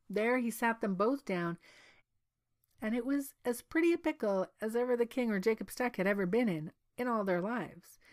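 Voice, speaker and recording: A woman storyteller reading a storybook aloud in an expressive, lively way. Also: mid-range voice. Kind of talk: read-aloud storybook narration.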